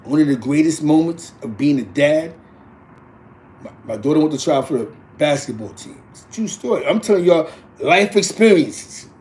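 Brief: forties man spinning a life story, streetwise talk, swinging up and down in pitch. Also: normal speed. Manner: animated, streetwise slang, frequent asides. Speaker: storyteller, father. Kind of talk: casual storytelling to camera.

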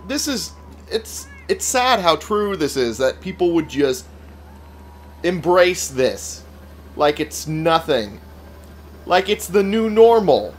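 A man's voice: on the high side, sing-song, takes it slowly, long pauses, slight background noise. A young man with a Texas accent doing casual, sarcastic, profane gameplay commentary. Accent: Texan. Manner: profane, sarcastic, frequent fillers. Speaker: let's play streamer.

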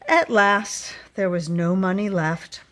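A woman reading a children's picture book aloud, with expressive storytelling delivery. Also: mid-range voice, slow pace.

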